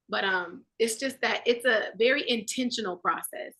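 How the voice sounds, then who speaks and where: A woman in a casual Bible study discussion, talking with animated conviction and often acting out inner dialogue. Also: a little high, normal speed, few pauses.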